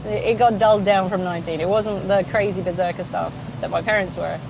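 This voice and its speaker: A woman's voice: lowish voice, steady tone, fairly quick, creaky, background noise. Laughing, swearing woman chatting in a car. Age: 30s. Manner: laughs often, swears, chatty and self-mocking. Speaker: podcast host. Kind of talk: casual solo chat while driving.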